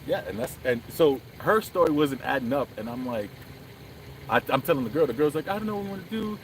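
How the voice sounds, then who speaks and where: A man's voice: mid-range voice, lively intonation, quick pace, slight background noise, rough recording. A man chatting casually outdoors, animatedly telling a story and acting out quotes with lots of swearing. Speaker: vlogger. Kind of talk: casual chat while riding. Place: outdoors on city streets.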